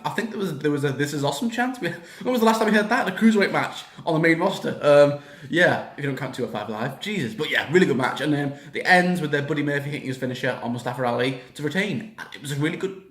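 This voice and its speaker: Young male vlogger, slightly high voice, excitable and foul-mouthed, recorded in a roomy echo. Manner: excitable, swears a lot, rants. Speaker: wrestling reaction vlogger. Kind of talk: casual reaction vlog. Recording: echoey room.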